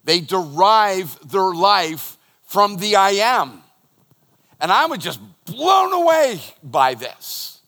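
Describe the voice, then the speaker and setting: A middle-aged pastor preaching with a bright, forceful tone that rises and falls from loud emphasis to hushed storytelling. His voice sits a little high for a man. It rings out with the long reverb of a church auditorium. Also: big pitch swings, takes it slowly. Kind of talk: sermon.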